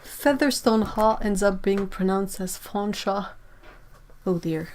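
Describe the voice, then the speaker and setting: A woman's voice: mid-range voice, slow, a little mellow, a little hiss or hum. A young woman, hosting a casual livestream chat, musing aloud and sounding out words with frequent laughs. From Quebec, Canada. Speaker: livestream host, artist.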